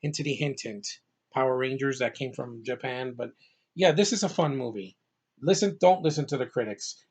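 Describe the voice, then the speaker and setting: A man at a middle pitch reviews a film in an easygoing, unscripted way. He rambles with plenty of "uh" and "you know", gushing with enthusiasm while sounding a bit worn out. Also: moderate pace, darkish tone, slightly rough. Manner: enthusiastic, rambling, many fillers. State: tired. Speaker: movie reviewer. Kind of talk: casual movie review vlog.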